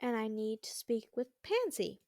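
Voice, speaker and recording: A woman's voice: fairly high pitch, big pitch swings, normal speed, dark tone, no room sound, studio quality. Woman reading as a stern elderly headmistress.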